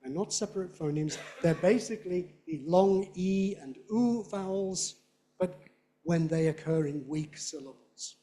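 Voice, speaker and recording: A middle-aged man with a Southern British accent giving a playful, animated lecture on phonetics and demonstrating sounds aloud. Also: high voice, measured pace. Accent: Southern British English. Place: lecture hall.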